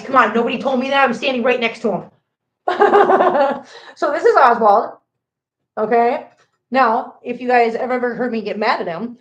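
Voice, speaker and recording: A middle-aged woman hosting a casual live stream, chatty and animated, greeting viewers by name as she chats. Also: a little high. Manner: chatty and animated, reads viewer comments aloud. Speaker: livestream host. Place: home, indoors. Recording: echoey room.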